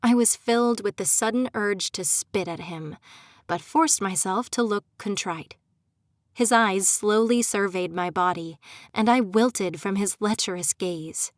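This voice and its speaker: A woman's voice: medium pitch, unhurried, dry recording, clean studio sound. A young adult woman narrating a first-person audiobook, emotive and turning pleading and desperate in her character's lines.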